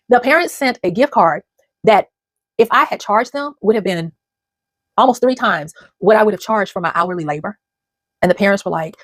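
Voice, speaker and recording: A woman's voice: mid-range voice, expressive, normal speed, a bit bright, slightly rough, no room sound. A woman in her fifties giving an earnest, emotional motivational talk to her viewers, close to tears at times. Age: 50s. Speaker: channel host. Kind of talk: personal motivational talk to camera.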